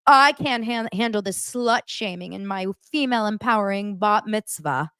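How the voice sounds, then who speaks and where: A woman voicing an imperious, indignant female reality star, dramatic and shrill, with a dry close sound. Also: normal speed, fairly bright tone, smooth, dry recording, lightly acted.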